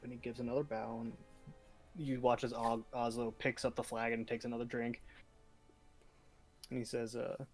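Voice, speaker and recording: A man's voice: mid-range voice, level tone, moderate pace, pauses often, soft background music. A man narrating as game master of a tabletop game, casual and full of fillers.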